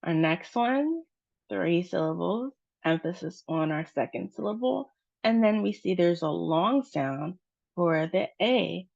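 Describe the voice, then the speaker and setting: A woman teaching English pronunciation in a slow, deliberate lesson, drawing out each model word. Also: lowish voice, expressive, creaky, a little mellow. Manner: drawn-out model words. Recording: dull, lo-fi recording.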